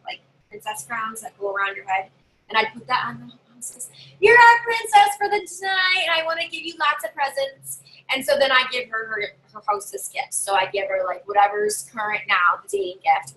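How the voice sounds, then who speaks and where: A woman's voice: mid-range voice, pushed and bright, poor audio. A woman giving casual how-to tips to camera as a party sales consultant, chatty and bossy, talking from her desk at home. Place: home desk with a drawer and her dog nearby.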